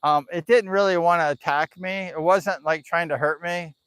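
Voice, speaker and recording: A man's voice: on the high side, fairly even intonation, moderate pace, a bit bright, clear, resonant tone, dry recording. A man on a live stream telling a spooky story in a casual, rambling way, full of "like" and "you know".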